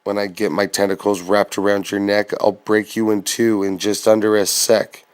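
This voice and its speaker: A man's voice: fairly low pitch, level tone, normal speed, clean tone, natural voice. A man voicing a scheming villainous mad scientist, barking bossy, threatening taunts in rhyme from a comic storybook. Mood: menacing.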